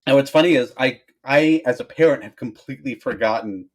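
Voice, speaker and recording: A man's voice: medium pitch, a little fast. A man in his thirties co-hosting a podcast, rambling and laughing through a story about his kids. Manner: laughing, rambling parent anecdotes. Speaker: podcast co-host. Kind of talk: casual chat.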